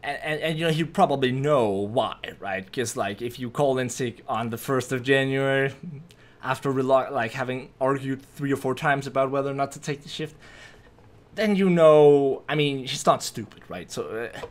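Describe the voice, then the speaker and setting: A man's voice: medium pitch, moderate pace. A man hosting a casual storytime vlog, rambling through a story with restarts and frequent tag questions. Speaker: YouTube host.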